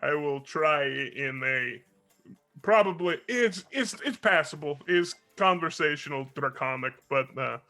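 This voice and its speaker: A man playing a tabletop game, wry and animated, slipping into character lines. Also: fairly high pitch, a little slow, faint music behind. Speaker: player. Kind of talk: casual tabletop game play.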